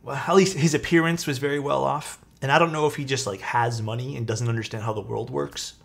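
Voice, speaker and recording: A man's voice: mid-range voice, fairly quick, gravelly. A young man, a streamer casually telling his chat a story and acting out the people in it. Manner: animated, acts out quoted people. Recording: faint music behind.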